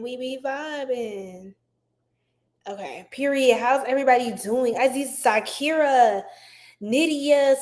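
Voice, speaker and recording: Giggly young woman chatting with her stream. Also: fairly high pitch. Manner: giggly, playful, punning, laughs often. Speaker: tarot reading livestream host. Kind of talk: casual live-stream chat reading viewer comments.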